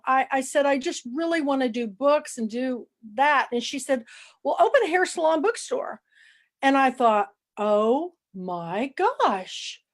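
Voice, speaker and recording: High-voiced older woman telling lively stories. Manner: lively anecdotal storyteller, acts out quoted dialogue. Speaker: author and book club founder, interview guest. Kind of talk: casual storytelling interview.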